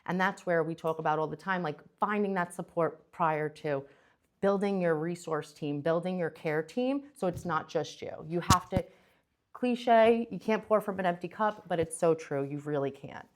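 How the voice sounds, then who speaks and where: A woman's voice: on the low side, normal speed. A young adult woman giving a casual talk as a presenter, chatty and full of fillers and restarts.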